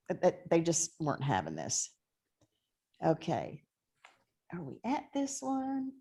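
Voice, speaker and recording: A woman's voice: mid-range voice, darkish tone. A woman professor giving an online history lecture in a conversational way, thinking aloud with frequent fillers.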